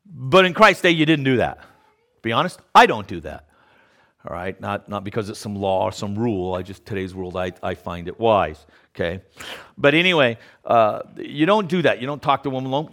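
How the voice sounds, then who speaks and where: A man's voice: on the high side, fairly bright tone. Guy giving a chatty sermon, keeps asking okay?, stumbles and repeats words. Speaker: preacher. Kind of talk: conversational sermon.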